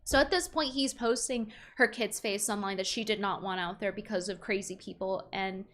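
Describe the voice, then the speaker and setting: A woman's voice: mid-range voice, normal speed, fairly bright tone. A young woman streamer chatting casually, reading viewer messages aloud and reacting bluntly.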